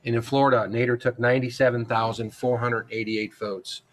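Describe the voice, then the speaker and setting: A male instructor giving a recorded lecture in a casual, conversational way, often calling the students "guys" and pausing with fillers and restarts. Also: medium pitch, level tone.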